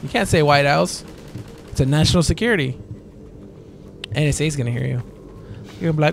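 A man's voice: a little high, quick pace, vocal fry, long pauses, a little hiss or hum. A man giving casual, joking let's play commentary, swearing, laughing and playing mock-scared. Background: game music and gunfire.

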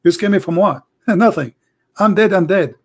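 Hoarse, fervent man with an Arabic accent. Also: sits high, moderate pace, darkish tone. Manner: fervent and preaching, rising to emphatic declarations. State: hoarse, losing his voice. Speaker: host of a live call-in debate show. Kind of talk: live call-in talk.

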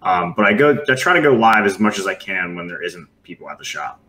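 Low-voiced guy talking quick, kinda nervous and rambly, lots of "you know". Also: sharp tone, low-quality recording. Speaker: guest glassworker. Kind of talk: casual interview chat.

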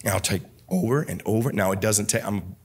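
A young man preaching a sermon as pastor, fervent and repetitive, swinging between shouts and quiet drops. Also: on the low side, brisk, slightly rough. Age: young adult.

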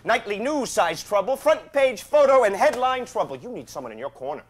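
A smarmy, condescending male lawyer with a slightly raised pitch. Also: sing-song, husky, heavily acted. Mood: persuasive. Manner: glib, condescending, fast-talking. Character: slick smarmy male Los Angeles lawyer. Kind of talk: stage drama acting.

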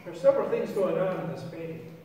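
A man preaching a sermon as pastor, animated and playful, often asking the congregation questions. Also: high voice, quick pace, soft background music. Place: church sanctuary. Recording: echoey church hall from a distant mic.

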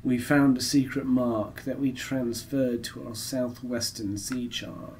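A man's voice: medium pitch, steady tone, unhurried, a little mellow, a little hiss or hum. A man from Nebraska co-hosting a let's play, joking around and swearing freely in casual chat.

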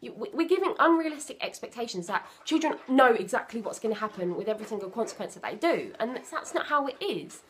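A young woman with a British accent talks straight to camera about raising children. Her voice sits a little high, and her delivery is earnest and full of restarts and repeated phrases. She slips into short spoken examples of what a parent or child might say. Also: sing-song, fast, few pauses, fairly bright tone, a little hiss or hum. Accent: British English. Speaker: parenting vlogger. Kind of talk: casual talk to camera.

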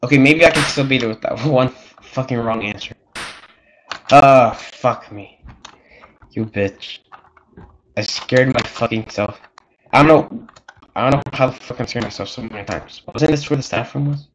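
A man's voice: mid-range voice, normal speed, pauses often, background noise. A young man swearing and reacting nervously while commentating a horror game. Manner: jumpy, swears constantly, nervous laughter. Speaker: gameplay streamer. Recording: game music behind.

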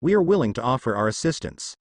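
A man's voice: medium pitch, very animated, quick pace, dry recording, studio quality. A man voicing a tired, diplomatic male ninja veteran who explains patiently, in a story reading.

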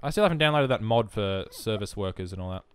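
A man's voice: lowish voice, expressive, fast talker. A man giving rambling, self-mocking let's play commentary alone in his room, full of jokey asides. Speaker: gaming commentator.

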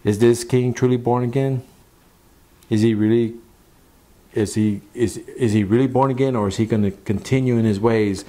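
Pastor preaching in a mellow voice. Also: male voice, lowish voice. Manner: preaching with pauses, rhetorical questions and scripture reading. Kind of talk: sermon.

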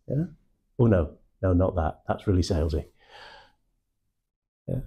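A man leading a live sales training session in a room, teaching with slow, emphatic stresses on key words. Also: deep voice, lively intonation, warm tone, breathy edge.

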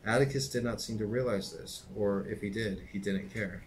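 A middle-aged man with a fairly low voice reads a novel aloud at an unhurried, steady pace. His delivery is plain and even, like a teacher reading to a class, with faint background noise. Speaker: reader and teacher.

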